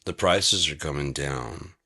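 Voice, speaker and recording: A man with a very low voice rambles through a casual monologue, cursing freely and dissolving into laughter. He talks slowly and loosely, close to the mic. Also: sharp tone. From Michigan. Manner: loose, profane, breaks into laughter. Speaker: vlogger.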